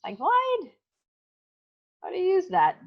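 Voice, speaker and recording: An Indonesian woman teaches an English class over a video call, chatty and encouraging, frequently checking that her students are following along. Her voice is extremely high, with huge pitch swings, vocal fry, and an unhurried pace. The call audio sounds dull and muffled.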